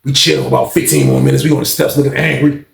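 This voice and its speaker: A man's voice: medium pitch, little pitch movement, fast, gravelly, roomy sound. A man telling a story in a casual, slangy monologue and acting out the other people.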